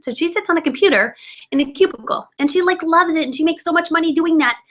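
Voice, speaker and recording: Bright-voiced chatty woman in her thirties. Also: very high voice, fast talker. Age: 30s. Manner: chatty, filler-heavy, self-mocking. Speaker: guest speaker. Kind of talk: casual storytelling.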